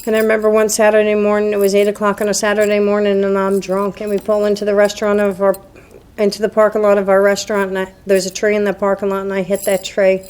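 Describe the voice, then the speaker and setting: A woman's voice: mid-range voice, monotone, fast, darkish tone, clear, resonant tone. A woman from New Jersey giving a candid, self-deprecating personal testimony to a recovery meeting, laughing at her own past. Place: meeting hall before a live group.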